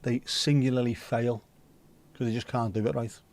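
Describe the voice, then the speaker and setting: A man's voice: medium pitch, fairly even intonation, normal speed, darkish tone. A man hosting a livestream, chatting casually and rambling while reading out viewer comments, with the odd swear word. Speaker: livestream host.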